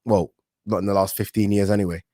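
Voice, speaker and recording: Man, boxing channel host, relaxed and jokey, swears casually, lowish voice, dry close sound. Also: quick pace, no echo. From England. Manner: laid-back, joking, swears casually. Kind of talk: casual chat reading viewer comments.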